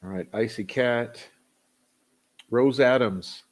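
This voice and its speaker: A man's voice: mid-range voice, takes it slowly. A man hosting a casual livestream, greeting viewers by name and rambling loosely with chuckles and fillers. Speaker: livestream host. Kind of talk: casual livestream chat, reading chat names.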